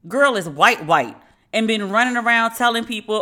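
On the high side and animated, this woman's voice comes across pushed and bright at a normal speed. As a solo podcast host giving commentary, she tells a story sardonically, mocking as she goes and slipping into quoted voices.

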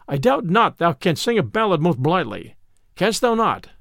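A man voicing a hearty, bold outlaw who talks in a booming, merry way in a storybook reading. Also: sing-song, normal speed, creaky, fairly bright tone, no echo, clean studio sound, heavily acted.

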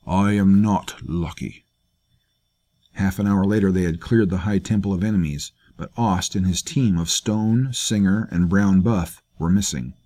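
A man narrating a grim fantasy story in a measured, grave manner. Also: deep voice, dark tone. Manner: measured, grave, performs all characters. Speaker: audiobook narrator. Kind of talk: scripted narration.

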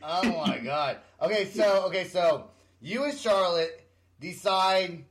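A man hosting a casual podcast, reacting with quick exclamations and introducing a song. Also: high-pitched, expressive, reverberant. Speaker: podcast host. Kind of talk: casual chat.

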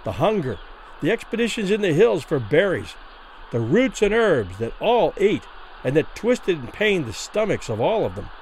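A man narrating a classic short story as a vivid, expressive dramatic reading. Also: a little high, normal speed, a little hiss or hum, rough recording.

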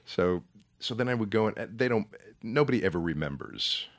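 A man's voice: on the low side, expressive, brisk. An older man, an actor being interviewed, chatting casually, often searching for words and restarting his sentences. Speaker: actor guest.

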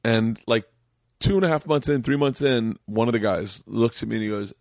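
A man's voice: medium pitch, fast talker, dry recording. Man, middle-aged podcast host: loose, swearing storyteller, dry close sound. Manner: profane, animated storyteller. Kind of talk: casual chat.

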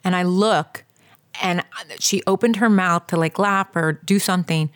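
Her voice on the low side and her pace moderate, a thirtysomething woman shares a story on the podcast she co-hosts. She leans on lots of emphasis throughout the casual chat with listeners.

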